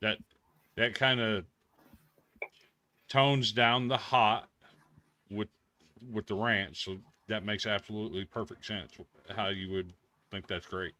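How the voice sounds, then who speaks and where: A man's voice: on the low side, steady tone, slow pace, pauses often, sharp tone. A man co-hosting a podcast, giving dry, teasing remarks in casual chat. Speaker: podcast co-host.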